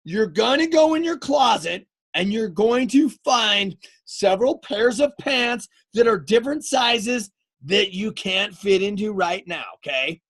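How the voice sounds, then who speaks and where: Man, fitness coach, live-stream pep talk, very high voice, punchy and repetitive. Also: measured pace. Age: adult, married eighteen years. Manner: energetic and emphatic, repeats words, often asks "okay?".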